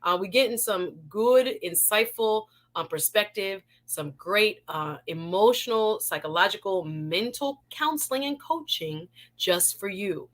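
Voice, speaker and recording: Bright lively Jamaican woman host. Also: medium pitch, unhurried, hardly any pauses. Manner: lively and playful, laughs often, shout-outs to chat. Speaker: host of a live online talk show. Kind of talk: live-stream chat, greeting viewers.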